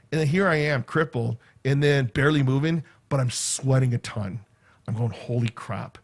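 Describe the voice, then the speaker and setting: Broadcasting a casual livestream from a room in his house, a man speaks in a fairly high, somewhat bright voice. His chat rambles along, and he adds "right?" to the end of sentences.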